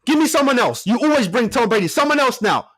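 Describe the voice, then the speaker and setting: A man's voice: very high-pitched, very animated, fast, fairly bright tone. A man arguing his side in a heated sports debate, pressing his point again and again.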